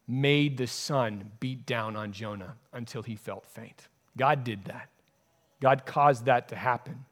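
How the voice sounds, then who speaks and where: A male pastor delivering a sermon in an emphatic, deliberate way. He restates each point several times to press it home, and his voice sits at an ordinary middle pitch for a man. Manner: emphatic, repeats key phrases for stress.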